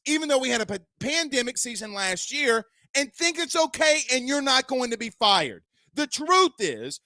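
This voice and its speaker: A man's voice: extremely high pitch, very animated, moderate pace, hardly any pauses, no echo. A man hosting a sports show, ranting about his team's loss and raising his voice. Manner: ranting, shouting at times. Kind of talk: fired-up sports rant.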